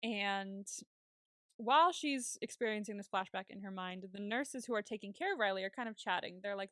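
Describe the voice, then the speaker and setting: A woman co-hosts a podcast and recaps a TV episode in relaxed, chatty talk. She laughs easily and swears casually, and her voice sits at a middle pitch. The sound is close and dry, with no room around it. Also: a little fast, no room sound. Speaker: podcast co-host.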